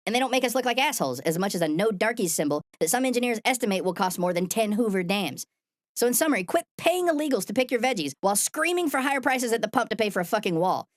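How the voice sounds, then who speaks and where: A woman hosting a satirical news show, delivering sardonic, profane, deadpan commentary. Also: mid-range voice, no room sound, studio quality. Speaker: host.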